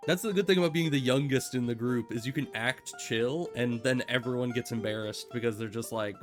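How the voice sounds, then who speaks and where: A man's voice: mid-range voice, fairly quick, hardly any pauses. A man streaming a game, giving casual sarcastic commentary with rambling asides, over guitar music.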